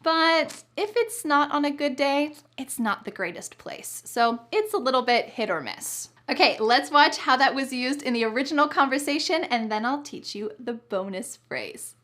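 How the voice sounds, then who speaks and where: A cheerful American woman gives an online English lesson in a fairly high voice. She explains phrases clearly, laughs often and acts out different tones of voice to show how each example should sound. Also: animated, moderate pace, few pauses, fairly bright tone. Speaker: English teacher.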